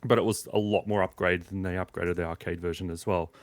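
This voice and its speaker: A man's voice: low voice, steady tone, quick pace, no echo. A man co-hosting a casual gaming podcast, talking enthusiastically and rambling with frequent restarts. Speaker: podcast co-host.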